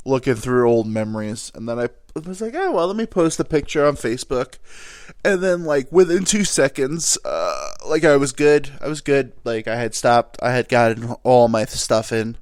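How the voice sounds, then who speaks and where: A man's voice: medium pitch, clear, resonant tone. A young man rambles through a solo podcast, joking crudely at his own expense. His voice swings up and down a lot as he talks. The sound is dry and close, with no room echo. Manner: rambling, self-deprecating, crude jokes. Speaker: podcast host. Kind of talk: casual solo podcast monologue.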